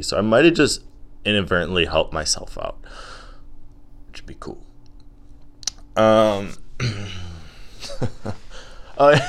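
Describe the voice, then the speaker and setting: A man hosting his own podcast, talking into a home microphone in a casual, joking rant and acting out the people he quotes. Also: low-pitched. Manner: animated, joking, acts out quoted voices. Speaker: solo podcast host. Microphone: home microphone wrapped in cotton.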